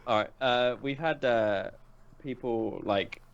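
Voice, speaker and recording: A man guest on a casual podcast, speaking in low-key, dry asides. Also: slow, vocal fry, clear, resonant tone, dull audio.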